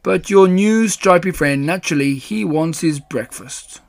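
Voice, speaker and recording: A man voicing a kindly, simple young male bear in a storybook reading, gentle and earnest. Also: on the high side, unhurried, vocal fry.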